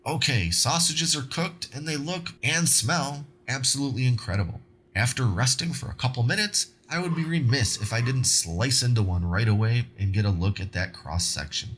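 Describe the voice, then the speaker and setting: A man narrates a home cooking recipe as the host of his own show, talking through each step in a chatty, upbeat way. His voice sits at an ordinary, middle pitch for a man. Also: lively intonation, moderate pace, fairly bright tone, a little hiss or hum. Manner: upbeat and conversational.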